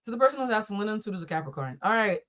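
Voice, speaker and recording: Joking, animated woman reading tarot live. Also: mid-range voice, very fast. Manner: animated, joking, laughing, swearing, chatting with viewers. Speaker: tarot reader hosting a live stream. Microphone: laptop or camera setup.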